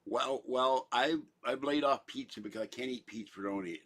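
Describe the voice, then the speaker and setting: A man's voice: medium pitch, normal speed, a bit bright. An older man from Pittsburgh, talking in a rambling, chatty monologue full of theatrical asides. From Pittsburgh, Pennsylvania. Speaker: vlogger.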